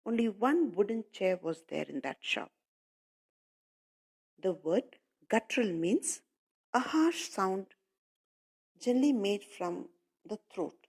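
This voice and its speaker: A woman's voice: mid-range voice, animated, slow pace, creaky, long pauses, a little mellow, slightly rough. A woman English teacher explaining a story to schoolchildren, patiently repeating and paraphrasing while calling them children.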